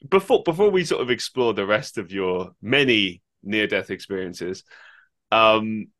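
Expressive podcast host, bright lively voice. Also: male voice, on the low side, measured pace. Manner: expressive, exclaiming, laughing. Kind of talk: casual interview chat.

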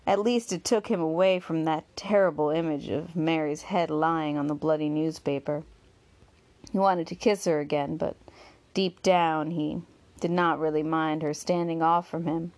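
A woman narrating a novel in a steady, measured reading. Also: low voice. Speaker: audiobook narrator. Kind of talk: scripted narration.

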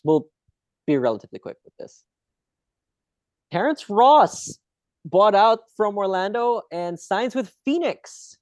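Host, male, slightly higher voice, chatty and rambling, dry lo-fi recording. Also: a little mellow, dry recording. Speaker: podcast host. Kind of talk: casual chat. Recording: dull, dry lo-fi sound.

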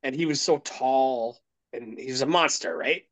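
A man's voice: mid-range voice, normal speed, rough recording. A man hosting a podcast, telling rowdy stories in casual chat, swearing constantly and laughing at his own jokes. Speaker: podcast host.

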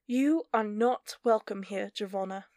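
A woman's voice: medium pitch, unhurried, darkish tone, dry recording, studio quality, close to an everyday voice. A woman narrator voicing a young witch girl who is earnest and defiant.

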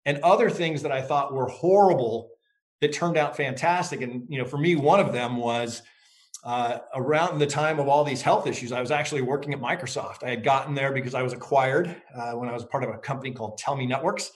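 Reflective middle-aged man guest. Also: mid-range voice. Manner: reflective, measured storytelling. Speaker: interview guest, author. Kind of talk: interview conversation.

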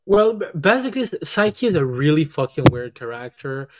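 A man's voice: on the high side, big pitch swings, fairly quick, very noisy. A man co-hosting in casual chat, who stammers, repeats words and swears heavily. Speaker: podcast co-host.

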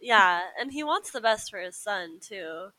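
A woman's voice: medium pitch, lively intonation, measured pace, pushed and bright, no room sound, rough recording. A woman co-hosting a casual podcast, bubbly and giggly, with many fillers. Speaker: podcast co-host. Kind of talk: casual chat.

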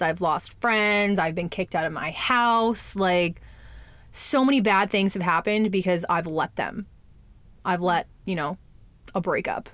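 Fairly low-pitched, this young woman's voice comes through with no room sound as she chats casually. Her talk is candid, packed with fillers like "like," plus an occasional swear.

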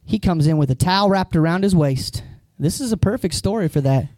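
A man's voice: high voice, a little fast, no echo, clean studio sound. A man preaching a sermon as a pastor, talking conversationally and putting questions straight to the congregation. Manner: animated storytelling.

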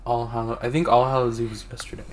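A young man co-hosting a podcast in casual chat, crude and joking, breaking into loud laughter. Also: mid-range voice, little pitch movement, fast talker. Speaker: podcast co-host.

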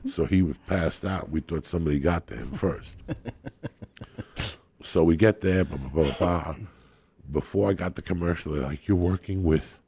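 A man's voice: low voice, normal speed, vocal fry, warm tone, breathy edge, no echo. A middle-aged man, a guest comedian, telling a rowdy, profane story on a podcast and acting out the people in it.

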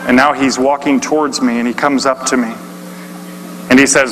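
A man preaching a dramatic story sermon, swinging between hushed delivery and shouting. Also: on the high side, steady tone, moderate pace. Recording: long hall reverb, faint hum.

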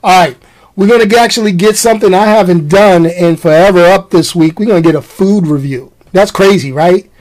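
A man's voice: high voice, a little fast, poor audio. A man hosting his own podcast, ranting casually to his listeners and tossing in slang. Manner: animated, talks to the audience with slang. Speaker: podcast host.

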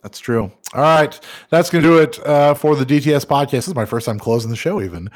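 A man's voice: on the high side, quick pace, dry recording, studio quality. A man in his thirties co-hosting a casual podcast, joking, swearing and laughing often as he chats. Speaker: podcast co-host.

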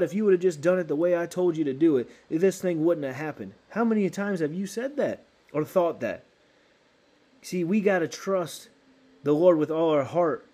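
A male preacher delivering a sermon with emphatic repetition. His voice sits a bit high for a man, yet the tone is mellow and warm. He hammers key phrases home. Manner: emphatic, repeats phrases for stress.

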